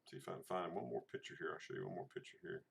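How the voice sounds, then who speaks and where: Man, middle-aged, deep low voice, rambling casual livestream chat, lots of fillers. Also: very fast, vocal fry, a bit bright. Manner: rambling, hesitant, many fillers and restarts. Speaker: channel host.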